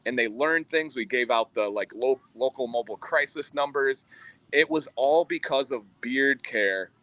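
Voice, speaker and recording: Bright-voiced earnest man telling a story. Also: mid-range voice, normal speed, dry recording, rough recording. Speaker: co-host. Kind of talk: livestream chat.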